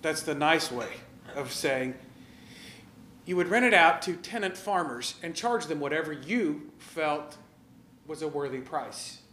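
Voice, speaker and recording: A man preaching a sermon in a lively, conversational way, asking his listeners questions and directing slides. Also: a little high, a little slow, echoey room, a little hiss or hum. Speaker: pastor.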